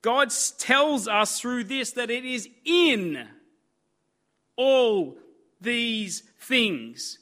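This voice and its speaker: Man, preacher; high bright voice, slow emphatic sermon delivery. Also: expressive. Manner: earnest, emphatic, building repetition.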